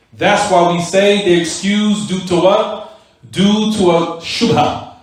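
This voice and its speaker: A man teaching a mosque class, who keeps asking his students "what?" and repeats key words for stress. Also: high-pitched. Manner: rhetorical questions to students, "what?" prompts. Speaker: religious teacher. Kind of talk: recorded Islamic class lecture. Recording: very echoey room, voice from far off.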